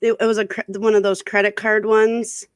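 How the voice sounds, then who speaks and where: A woman's voice: mid-range voice, level tone, normal speed, no room sound, studio quality. A woman guest in a casual livestream chat, telling stories and laughing easily. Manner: laughing, storytelling.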